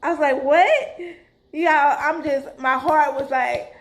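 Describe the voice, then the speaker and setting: Woman, middle-aged, high-pitched voice, animated storytelling vlog. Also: takes it slowly. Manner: animated, dramatic, addresses viewers as "y'all". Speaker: vlogger. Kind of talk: casual storytelling to camera.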